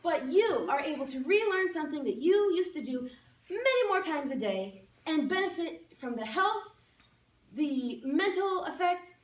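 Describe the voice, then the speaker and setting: Bright, animated woman in an echoey room. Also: sits high, moderate pace, distant mic. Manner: playful, animated teaching. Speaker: laughter yoga presenter. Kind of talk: live demonstration speech to an audience. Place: room with a live audience.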